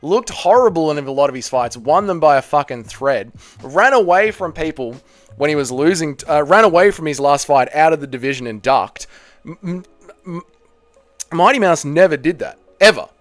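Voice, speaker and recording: Animated, ranting streamer. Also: male voice, a little high, normal speed. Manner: heated, ranting, profane. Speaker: streamer host. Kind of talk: live stream watch party chat.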